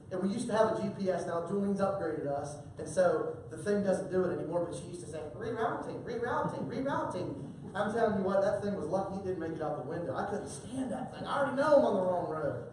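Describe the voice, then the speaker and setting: A man preaching a sermon in a church, folksy and animated, with humorous asides and stories. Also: high voice, slight background noise. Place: church sanctuary. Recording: very echoey hall from far off.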